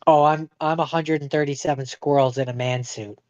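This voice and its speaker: A man's voice: on the high side, steady tone, fairly quick, a little mellow, dry recording, muffled recording. A man from western Canada co-hosting a podcast, chatting casually with dry, wry asides. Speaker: podcast co-host.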